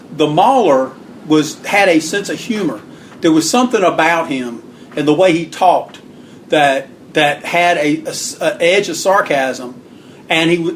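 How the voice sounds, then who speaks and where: A man being interviewed about the wrestling book he wrote, telling long casual stories and acting out quotes in a raised voice. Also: a little hiss or hum. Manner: rambling, acts out quotes with raised pitch. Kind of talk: casual storytelling.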